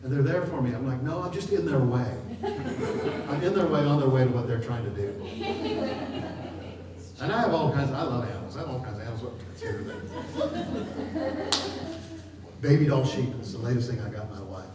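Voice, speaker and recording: A man's voice: mid-range voice, animated, moderate pace, long pauses, a loud crowd. Joking man in an echoey hall. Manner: jokey and chatty, often laughing. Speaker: guest speaker at a live seminar. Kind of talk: casual seminar talk to a live audience. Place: large room with an audience. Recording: distant, echoey hall with noise.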